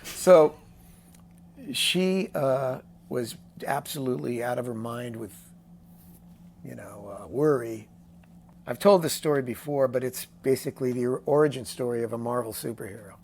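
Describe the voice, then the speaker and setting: Older male songwriter guest with a gravelly voice, animated storyteller who acts out the people he quotes. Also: medium pitch, normal speed, slight background noise. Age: 60s. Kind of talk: casual storytelling interview.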